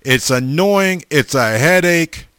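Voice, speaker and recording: A man's voice: a little high, animated, slow pace, a bit bright, clean tone, no room sound, studio quality. A man in his forties preaching a sermon, emphatic, with stammering restarts and repeated calls to his listeners.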